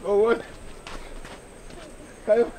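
A man's voice: takes it slowly, dark tone, slight background noise, close to an everyday voice. An actor playing an eager man wooing a woman, coaxing and stammering, with Nigerian Pidgin in his speech.

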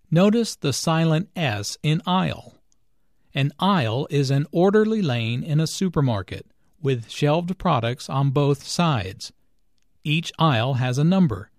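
A man narrating an English lesson in a deliberate, explanatory way, stressing key words clearly. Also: fairly high pitch, animated, no room sound, studio quality.

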